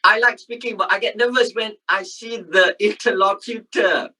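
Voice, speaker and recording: A Malaysian man teaching English in a live online class, mixing Malay and English, animated, with soft asides and loud emphatic calls. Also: high voice, moderate pace, far from the mic.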